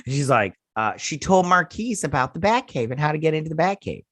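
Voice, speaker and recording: A man's voice: on the high side, sing-song, brisk, a bit bright, dry recording. A man hosting a casual review of a TV episode, ranting sarcastically and swearing. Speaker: host.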